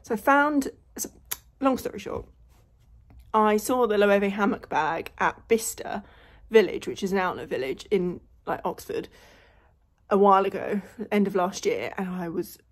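A woman's voice: mid-range voice, animated, moderate pace. A young woman chatting to camera in a rambling vlog, slightly out of breath. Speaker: vlogger. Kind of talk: casual chat to camera. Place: indoors at home, later in a parked car.

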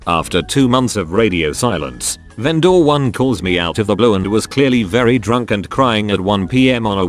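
A man narrating forum posts as a scripted reading, with lively ups and downs. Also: fairly low pitch.

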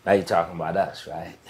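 A man's voice: low-pitched, darkish tone, slight background noise. A man in his fifties, a podcast guest from the Boston area, telling stories in a laid-back, reflective way with trailing phrases. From United States (Boston area). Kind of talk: casual storytelling.

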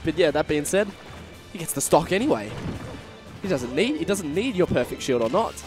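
Playful male esports caster, wildly swinging pitch. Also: big pitch swings, brisk, music in the background. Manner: playful, banters and mimics players. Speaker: esports commentator. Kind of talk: live game commentary.

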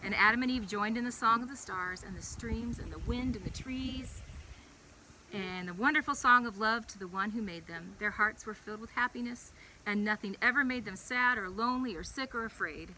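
A young woman leading a preschool chapel, reading a Bible story to young children in a playful, animated way. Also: mid-range voice, moderate pace, a little hiss or hum, low-quality recording.

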